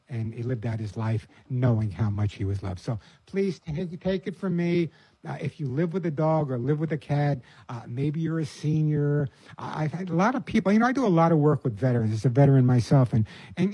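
An older man hosts a call-in pet advice radio show, talking in an earnest, folksy way. His voice sits a bit high for a man but sounds mellow and husky. The sound is dry and close, with no room around it. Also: no room sound. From New York. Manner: earnest, folksy, repeats words when starting phrases.

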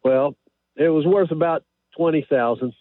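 A man calls in over a thin, tinny phone line with a dry sound. His voice sits fairly high, and he tells his story in a rambling, hesitant way, stopping often to search for words. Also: no echo. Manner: rambling, halting, many fillers. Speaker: caller. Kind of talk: call-in radio question.

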